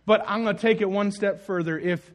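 Male pastor, higher voice, lively sermon delivery that acts out the scenes and swings between loud and hushed. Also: a little fast. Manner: animated, acts out the story in voices, rises loud then drops soft.

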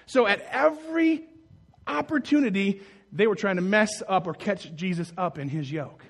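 A man preaching a sermon, acting out the scenes in character voices and swinging from loud bursts to soft, low lines. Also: moderate pace. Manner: animated, acts out the story in voices, rises loud then drops soft. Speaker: pastor.

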